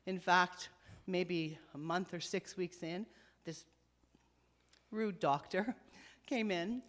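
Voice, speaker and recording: A middle-aged woman with a slightly low voice tells her faith story to a congregation. She speaks slowly and from the heart, and her quieter lines sink softly. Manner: slow, heartfelt storytelling with soft dips. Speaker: speaker sharing testimony. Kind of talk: spoken testimony to a congregation.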